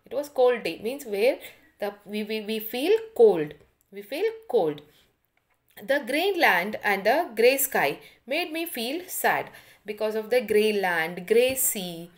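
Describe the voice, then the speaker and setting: Speaking slowly and expressively in a mid-range voice, a woman teacher with an Indian accent leads an online English lesson. She takes a story one line at a time, repeating phrases and unpacking every word's meaning.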